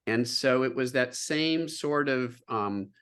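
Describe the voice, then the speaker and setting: An earnest man explains science in an interview over a video call. He talks at a middling pitch for a man and often stops on fillers and restarts while finding his words. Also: takes it slowly, a bit bright, clean tone. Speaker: guest scientist.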